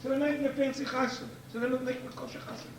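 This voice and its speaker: A man's voice: extremely high pitch, level tone, very fast. A man giving a rabbinic lecture to an audience, emphatic and repeating key phrases for force. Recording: echoey room, distant mic, faint hiss.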